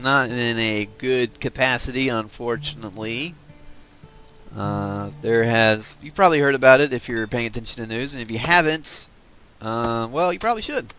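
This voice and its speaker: A man's voice: mid-range voice, a bit bright, clear, resonant tone. A man with a Southern US accent, hosting a let's-play video and chatting casually while he builds, musing aloud with lots of fillers. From American South. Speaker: gaming video host.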